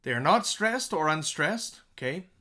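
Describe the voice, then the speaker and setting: Animated man teaching a lesson. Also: a little slow. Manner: frequent checking "okay?", repeats words to demonstrate pitch; animated, sing-song emphasis. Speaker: music teacher. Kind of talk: recorded classroom lesson.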